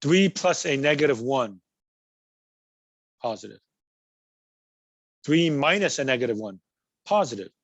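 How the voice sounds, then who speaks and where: A man's voice: medium pitch, very animated, a little slow, long pauses, fairly bright tone, no echo. A man teaching a college math class, patiently working through examples and repeating key words. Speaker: math instructor. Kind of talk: recorded class lecture.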